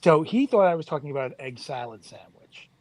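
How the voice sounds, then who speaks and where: A man's voice: on the high side, very animated, a little fast. A man from Queens with a New York accent calling into a talk show, stammering as he chats. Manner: stammering, friendly. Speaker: caller. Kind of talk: casual chat.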